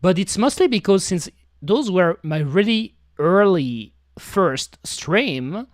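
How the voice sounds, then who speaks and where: A woman's voice: lowish voice, animated, slow, no echo. A woman streaming from home into a studio microphone, chatting casually with slightly non-native phrasing. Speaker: VTuber streamer. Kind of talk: casual chat.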